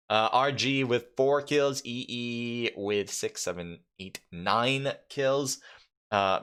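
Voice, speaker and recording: A man's voice: mid-range voice, bright, forceful tone. A man from New York casting a mobile esports event live, reading out team kill counts and talking casually with chat. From New York, United States. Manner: reads scores off quickly, chatty with viewers, many fillers. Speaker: esports caster. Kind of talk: solo live esports commentary.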